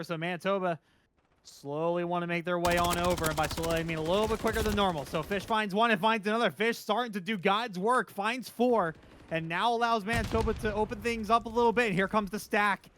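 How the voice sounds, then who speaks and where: A man calling play-by-play for a video game match, getting louder and quicker in the big moments. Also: high voice. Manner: fast, excitable, rising in big moments. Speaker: esports caster. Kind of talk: play-by-play commentary. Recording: noisy game audio behind.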